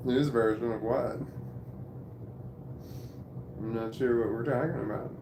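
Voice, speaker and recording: A man with a mid-range voice, speaking a little slowly, hosts a casual livestream where he reads chat messages aloud. He tells animated stories, laughs often, and swears a lot, and the sound is roomy with faint background noise.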